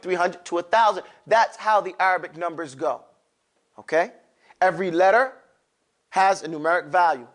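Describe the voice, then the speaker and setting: A man teaching a classroom lesson, drawing out sounds for students to repeat and adding playful asides. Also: sits high. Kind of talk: classroom lesson with call-and-response drills.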